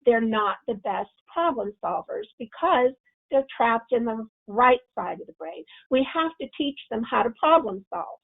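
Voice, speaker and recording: A woman with a slightly high, gravelly voice gives a parenting webinar, sometimes acting out angry self-talk before calmly explaining the steps. The sound is thin and tinny, like a phone line, as if heard over a video call. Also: a little slow. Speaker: webinar presenter. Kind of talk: webinar presentation.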